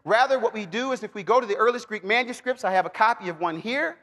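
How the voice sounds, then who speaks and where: A man teaching the Bible to a live audience, animated and joking, calling for responses and bursting into shouts. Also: sits high, fast talker. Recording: long hall reverb.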